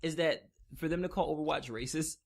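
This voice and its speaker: A man's voice: a little high, brisk, vocal fry, crowd noise. A man co-hosting a podcast, ranting in casual chat with heavy profanity. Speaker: podcast co-host.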